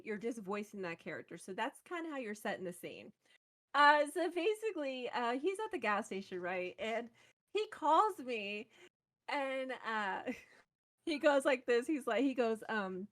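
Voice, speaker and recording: Young woman, podcast guest, casual, animated, laughs often, slightly high voice. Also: a little slow. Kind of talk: casual storytelling.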